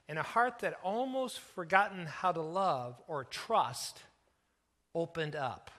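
A middle-aged man preaching as a pastor, telling a story earnestly and softening for its emotional moments. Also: a little high, animated, unhurried. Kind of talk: sermon storytelling.

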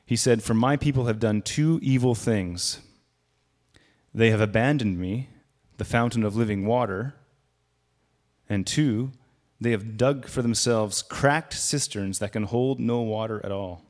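A man's voice: on the low side, unhurried, a little mellow. A man giving a sermon as a guest preacher, speaking conversationally and raising his voice for quoted lines.

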